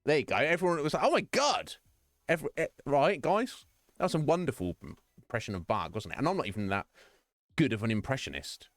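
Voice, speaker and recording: A man's voice: medium pitch, big pitch swings, fast talker, no room sound, studio quality, soft background music. A man chatting casually with viewers on a game stream, rambling with lots of fillers and restarts.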